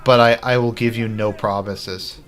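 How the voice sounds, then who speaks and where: A man's voice: on the low side, fairly even intonation, moderate pace, fairly bright tone. A man from Canada giving blunt, casual live commentary as a streamer, with offhand and profane asides.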